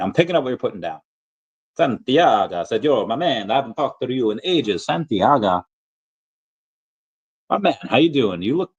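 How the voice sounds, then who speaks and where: A man's voice: mid-range voice, breathy edge, low-quality recording. A man hosting a casual livestream, rambling loosely with fillers and restarts as he reads viewer comments. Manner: playful, drops into sung and silly voices reading comments. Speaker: livestream host reading chat.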